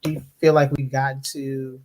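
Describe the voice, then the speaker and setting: There's a faint hiss or hum behind this medium-pitched, moderately paced American voice. It belongs to the host of a live online discussion panel who's had a bit of wine and is casually greeting and answering viewers. Her storytelling is lively, and she parrots people's rude questions in scornful voices.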